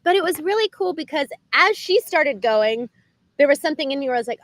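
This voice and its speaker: A woman rambles earnestly through an unscripted livestream monologue, her voice sitting on the higher side. She keeps restarting phrases and leaning on "like" as she works through her thoughts. The sound is dry and close, with no room echo. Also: brisk. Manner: earnest and animated, with frequent "like" and restarts. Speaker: livestream host.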